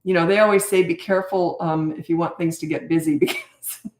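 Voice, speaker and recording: A woman's voice: on the low side, steady tone, a little fast, darkish tone, reverberant. A woman in her sixties, a parenting coach, answering viewer questions in a candid, chatty live Q&A. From Canada. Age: 60s. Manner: candid, chatty, self-deprecating. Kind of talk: live Q&A chat.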